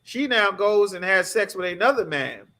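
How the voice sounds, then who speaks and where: A man's voice: high voice, animated, normal speed, bright, forceful tone. A man teaching a scripture class, preaching emphatically in a streetwise way and asking the class rhetorical questions. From United States.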